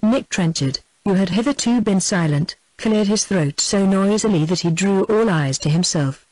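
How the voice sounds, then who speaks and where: A narrator reading a historical novel aloud in an even, measured way. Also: medium pitch, no echo, poor audio. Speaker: audiobook narrator.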